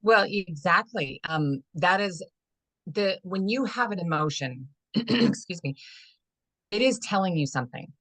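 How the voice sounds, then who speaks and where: Low-voiced woman telling her story. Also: lively intonation, a little slow, fairly bright tone, dry recording. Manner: earnest, frank, with frequent restarts. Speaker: holistic fitness and life coach guest. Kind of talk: candid personal storytelling.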